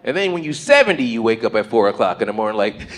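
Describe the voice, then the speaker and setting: A man performing a stand-up comedy set on a comedy stage into a handheld mic, talking in loud, punchy bursts and swearing freely. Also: fairly low pitch, big pitch swings, fast talker.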